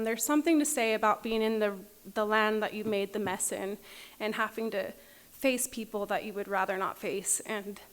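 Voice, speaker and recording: At an AA meeting in a meeting room, a woman from Utah tells her personal recovery story, candid and often laughing as she acts out her former self. Her voice is on the high side and a bit bright.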